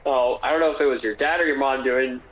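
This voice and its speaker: Calm young American man on a podcast. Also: medium pitch, fast, highs cut off, slight background noise. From United States. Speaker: podcast guest. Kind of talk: casual podcast chat.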